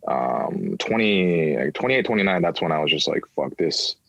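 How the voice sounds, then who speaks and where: A man's voice: extremely low pitch, expressive, normal speed, vocal fry, a bit bright, dry recording, highs cut off. A man in his thirties, a podcast guest, telling his personal story candidly, swearing freely and acting out voices of people in it.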